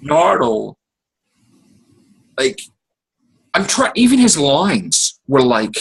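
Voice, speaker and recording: A man co-hosting a casual fan podcast, talking in an animated way, swearing and acting out what people said. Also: medium pitch, takes it slowly, gravelly, husky, rough recording. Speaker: podcast co-host.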